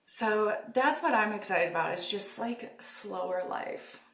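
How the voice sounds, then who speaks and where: A woman's voice: mid-range voice, animated, unhurried, a bit bright, roomy sound. A young adult woman hosting a casual podcast conversation, talking candidly and chattily with the odd swear word. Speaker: podcast host.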